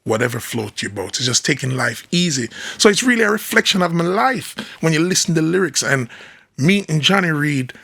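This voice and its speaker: A man with a Jamaican accent, a musician guest telling stories in a casual interview chat, animated and raspy. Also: fairly high pitch, a little fast. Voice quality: raspy, gravelly. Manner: animated storyteller, mimics people he quotes.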